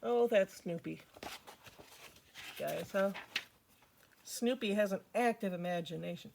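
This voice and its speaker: A woman's voice: medium pitch, measured pace, gravelly, pauses often, darkish tone. Chatty woman reading to kids. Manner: chatty, with friendly asides to the listeners. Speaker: children's storytime reader. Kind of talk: reading a picture book aloud to kids.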